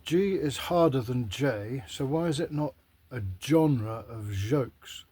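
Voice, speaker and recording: A man's voice: mid-range voice, animated, takes it slowly, dark tone, breathy edge. A man rambling to camera in a casual, sweary, self-mocking monologue. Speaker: vlogger.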